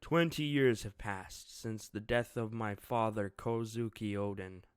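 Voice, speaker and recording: A man's voice: lowish voice, steady tone, unhurried, clear, resonant tone, dry recording, lightly acted. A man voicing a proud young male shogun who declaims formally and solemnly, in a dry, close recording.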